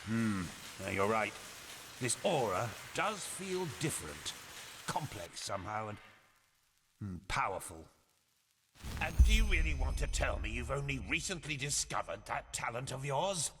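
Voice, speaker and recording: Old male game mage, grumpy, condescending, husky, lively delivery, reverb tail. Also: medium pitch, a little slow, noisy background. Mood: curious. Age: older. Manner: condescending, scolding.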